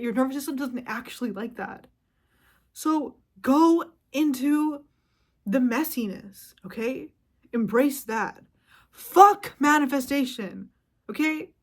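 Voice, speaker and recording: A young woman with a slightly high voice rants to camera, swearing freely. She jumps from loud outbursts to hushed, intense asides, always emphatic and heated. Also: unhurried. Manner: emphatic, profane, swings between loud outbursts and quiet asides. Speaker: vlogger. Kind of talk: ranting monologue to camera.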